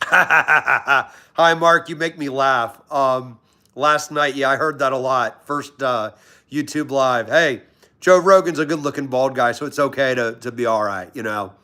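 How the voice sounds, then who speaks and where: A man's voice: mid-range voice, moderate pace, bright, forceful tone. Chatty man greeting livestream viewers. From Washington, D.C. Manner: friendly, rambling, greets viewers by name. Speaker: livestream host. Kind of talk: casual livestream chat with viewers. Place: at home in pajamas.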